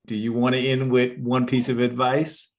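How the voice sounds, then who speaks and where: A man co-hosting an interview, asking gentle, halting questions. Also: mid-range voice, little pitch movement. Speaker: co-host. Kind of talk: podcast interview.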